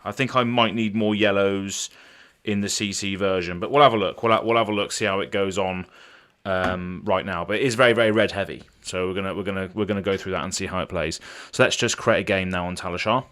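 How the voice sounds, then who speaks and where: A man's voice: low voice, a bit bright. A man hosting a casual live stream, rambling along with frequent ums and restarts as he sets up a card game.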